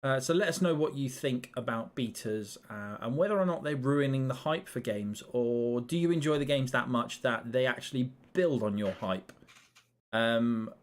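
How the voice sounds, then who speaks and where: A British man hosting a relaxed gaming podcast. His voice sits at a middle pitch, and he talks in an easygoing, chatty way with plenty of ums. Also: normal speed. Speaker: podcast host. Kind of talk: casual gaming podcast chat.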